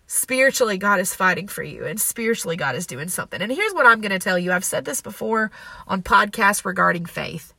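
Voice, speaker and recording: A young woman talks openly about her faith on her own podcast. Her voice is bright and a little gravelly with some vocal fry, and she speaks in an earnest, emotional, confessional way. The recording is dry and close. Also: medium pitch, expressive, fairly quick, no room sound. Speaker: podcast host. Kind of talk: personal faith podcast talk.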